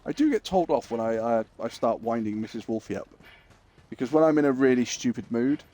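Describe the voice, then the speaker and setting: A man's voice: medium pitch, expressive, brisk, mellow. A man streaming live, telling crude, jokey stories in a rambling, casual way.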